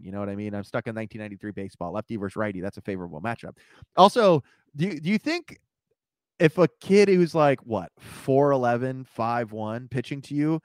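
A man co-hosting a casual podcast, talking through a movie in a loose, rambling way. He laughs often and drops casual profanity. His middle-pitched voice is recorded close and dry, with no room sound. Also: dry recording. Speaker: podcast co-host. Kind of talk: casual movie review chat.

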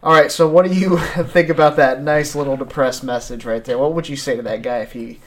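A man hosting a casual sports podcast, keeping time and briskly moving the show along. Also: medium pitch, steady tone. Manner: brisk, directing the segments.

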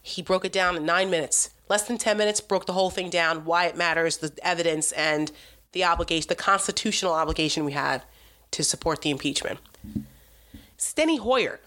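A woman's voice: on the low side, a little fast, fairly bright tone. Exasperated woman in a political rant. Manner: exasperated, sarcastic, emphatic. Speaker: political commentator. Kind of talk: opinionated monologue.

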